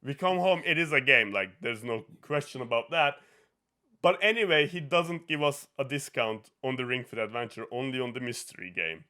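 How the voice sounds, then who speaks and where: A young man with a Norwegian accent, hosting a podcast and telling an animated story, swearing and laughing often as he acts out what people said. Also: mid-range voice, moderate pace. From Norway. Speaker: podcast host. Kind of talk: casual chat, storytelling.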